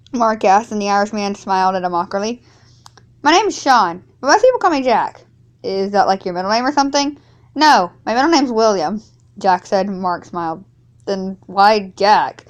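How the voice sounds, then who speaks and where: A woman reading a fan fiction story aloud, shifting her voice slightly for each character. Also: medium pitch. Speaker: narrator.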